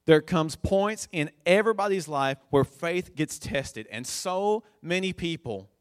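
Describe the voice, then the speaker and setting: A man preaching a sermon, slow and deliberate, building to emphatic high points as he retells a scripture story. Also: expressive, clear, resonant tone, no echo, studio quality.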